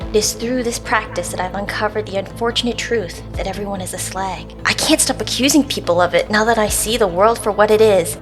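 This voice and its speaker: A young Canadian woman vlogging casually while putting on a practiced Essex accent, in a playful tone. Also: fairly low pitch. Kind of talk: casual video diary.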